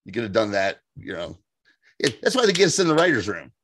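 A man's voice: fairly low pitch, slight background noise. A man co-hosting a podcast, recapping a TV episode in casual, profane, laughing chat. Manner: animated, profane, laughing, slips into quick voiced impressions. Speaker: podcast co-host.

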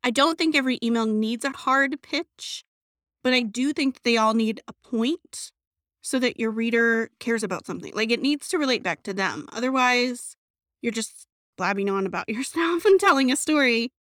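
A chatty woman hosts her own podcast, her voice sitting a little high. She talks casually and with animation, as if to a friend. The sound is close and dry, with no room around it. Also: animated, normal speed, fairly bright tone, no room sound. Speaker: podcast host. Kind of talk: casual solo podcast talk.

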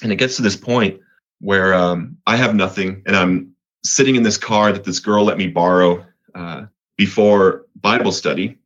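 A man's voice: sits low, fairly even intonation, normal speed, a bit bright, dull audio. A man from Colorado, a podcast guest giving an earnest personal faith testimony, often restarting and repeating words.

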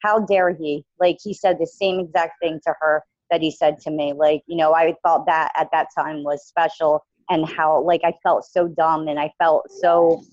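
A woman guest recounts something painful that happened to her, speaking haltingly and leaning on fillers. Her voice sits fairly low. The recording is dry with slightly muffled highs. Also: little pitch movement, a little mellow, dry recording. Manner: halting, many fillers like "you know" and "like". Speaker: guest sharing her own experience. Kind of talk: emotional personal account in conversation.

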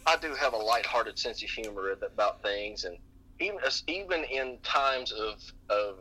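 A middle-aged man telling family stories on a podcast in casual chat, animated and often laughing, with many restarts. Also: lowish voice, unhurried, a little hiss or hum, poor audio. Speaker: podcast guest.

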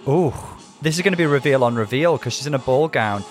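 A man, co-hosting a casual reaction chat with campy, excitable commentary. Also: medium pitch, fast talker, soft background music. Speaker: podcast co-host.

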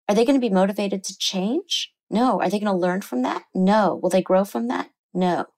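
A middle-aged woman therapist explaining things earnestly in an interview, lively when she quotes people. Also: mid-range voice, moderate pace, few pauses, rough recording. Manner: earnest, explanatory, animated when quoting others. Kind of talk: interview conversation.

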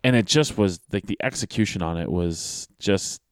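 A man with a very low voice talks in casual podcast chat, rambling and often restarting his sentences before landing on an emphatic point. The sound is dry and close, with no room around it. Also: animated, normal speed, no room sound. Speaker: wrestling podcast co-host.

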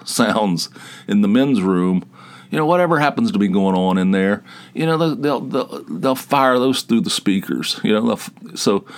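Rambling low-voiced male podcast host. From northeastern Pennsylvania. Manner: digressive, self-deprecating, repeats words and restarts. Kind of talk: rambling solo podcast monologue.

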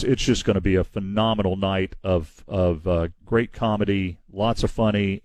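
A man with a lowish voice hosts a weekend home improvement show on the radio. His talk is loose and chatty, full of "uh"s and restarts. The sound is close and dry, with no room around it. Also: a little mellow, no room sound. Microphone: studio microphone.

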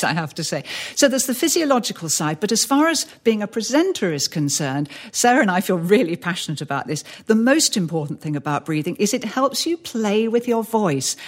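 Animated woman, lowish voice. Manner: animated, plays with pitch and pace for emphasis. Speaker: presentation coach. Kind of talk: podcast chat giving advice.

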